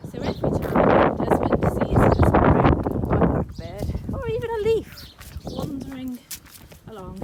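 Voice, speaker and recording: A woman's voice: high voice, heavy background noise. A woman in midlife hosting a chatty walking vlog outdoors, playful and talking to her viewers and to animals along the way. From England. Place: outdoors on country lanes.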